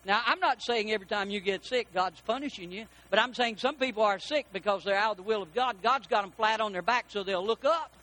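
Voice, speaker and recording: A middle-aged man, preaching a sermon and telling personal stories, stretching key words with slow emphasis. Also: sits high, pushed and bright, rough recording. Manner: preaching with storytelling, slow emphatic stresses, quoted dialogue. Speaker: pastor.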